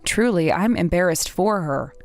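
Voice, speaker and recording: A woman's voice: on the low side, animated, moderate pace, soft background music. A young woman narrating and acting the lead in a dramatized story, speaking in a firm, indignant way.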